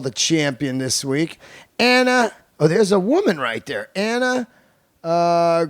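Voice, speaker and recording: A man's voice: on the high side, very animated, slow pace, fairly bright tone, no room sound. A man in his fifties, a comedian hosting his podcast, talking loosely and profanely in a joking, storytelling way. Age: 50s. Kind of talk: casual podcast monologue.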